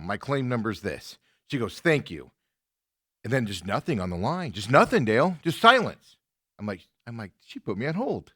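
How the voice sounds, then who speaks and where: A talk show host with a mid-range voice tells a story in casual conversation, animatedly acting out his side of a phone argument with indignant, quoted exchanges. The audio is studio quality with no echo.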